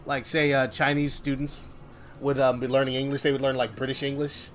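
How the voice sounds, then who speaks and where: A man's voice: medium pitch, flat delivery, brisk, faint music behind. A man co-hosting a live stream, chatting casually in a loose, rambling way and laughing often. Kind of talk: casual group chat.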